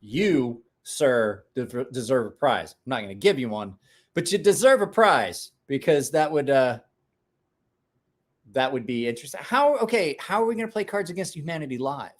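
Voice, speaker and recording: A man's voice: mid-range voice, expressive, moderate pace. A man chatting casually on a live stream, rambling, restarting words, and talking to his dog in between.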